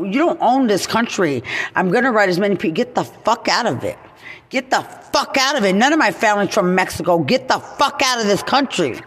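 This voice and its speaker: A woman veteran in an angry, profane rant, repeating accusations and at times breaking into shouts. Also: medium pitch, husky. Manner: furious, swearing, repetitive accusations, shouting at times. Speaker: military veteran. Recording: long echoing reverb.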